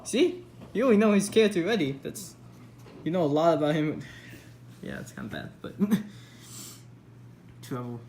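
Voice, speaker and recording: A woman's voice: on the low side, sing-song, moderate pace, pauses often, mellow, a little hiss or hum. A woman casually rambling over her old story, mocking herself with lots of fillers. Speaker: vlogger.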